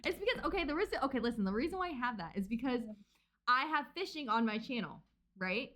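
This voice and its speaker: A woman's voice: on the high side, expressive, fast talker, pushed and bright, slight background noise. A young woman co-hosting a casual book club livestream, laughing often as she chats. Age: young adult.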